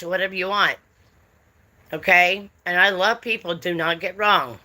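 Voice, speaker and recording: A woman's voice: medium pitch, moderate pace, bright, forceful tone. A middle-aged woman, chatting casually on a livestream and greeting viewers by name. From United States. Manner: chatty, drawling, talks to chat readers by name. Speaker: livestream host.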